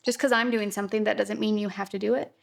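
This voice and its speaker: A woman's voice: medium pitch, fairly even intonation, fast, vocal fry. A young adult woman teaching a casual watercolor painting tutorial, chatty and reassuring. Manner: chatty, upbeat, reassuring, lots of fillers like "kinda".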